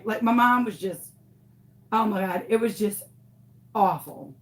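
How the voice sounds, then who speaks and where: A woman's voice: mid-range voice, a little slow. A young woman telling a story in a casual, dramatic way, acting out the voices of the people in it. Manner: dramatic, exaggerated retelling with quoted voices. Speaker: craft vlogger.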